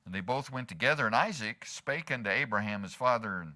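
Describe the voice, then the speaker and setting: Bright-voiced man preaching a sermon. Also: medium pitch, animated, a little fast. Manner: preaching with rhetorical questions and humor. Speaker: pastor. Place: church.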